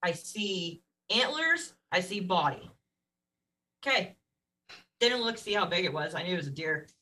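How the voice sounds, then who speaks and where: A woman guest telling a story in a casual, animated way, laughing often and acting out what others said. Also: fairly low pitch, a little slow, distant mic, poor audio. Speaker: podcast guest.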